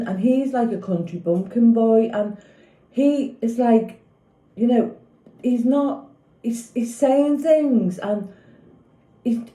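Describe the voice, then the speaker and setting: A woman in her fifties rambles through her opinions in a casual vlog, looping back on herself and seeking agreement. Her voice is deep-toned and very mellow, with no brightness at all. The room around her rings with a noticeable echo. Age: 50s. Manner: rambling, opinionated, keeps asking "do you know what I mean". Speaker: vlogger. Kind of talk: casual opinion chat about a TV show. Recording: echoey room.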